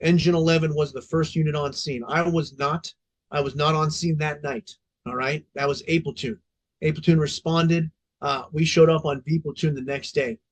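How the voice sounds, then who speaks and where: A middle-aged man with a fairly high voice recounts a story in a podcast interview. He talks bluntly and emphatically and swears freely, like a veteran of the fire service. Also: fairly even intonation, normal speed. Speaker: fire department veteran guest.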